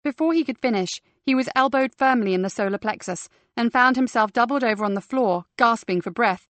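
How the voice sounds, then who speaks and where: A woman reads a crime novel aloud in a steady, measured way. Her voice sits at a middle pitch and is recorded dry and close, with no room echo. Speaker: audiobook narrator. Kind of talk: scripted narration.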